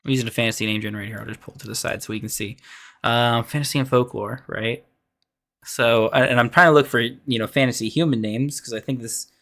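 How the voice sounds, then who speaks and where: A man streaming as a dungeon master, thinking aloud while planning a game, halting and trailing off into mumbles. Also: medium pitch, a bit bright.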